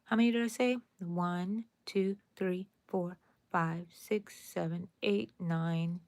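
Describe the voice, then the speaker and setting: A woman's voice: fairly low pitch, fairly even intonation, slow, a little mellow, no room sound. A woman hosting a casual crochet tutorial, chatting to viewers and counting her stitches aloud.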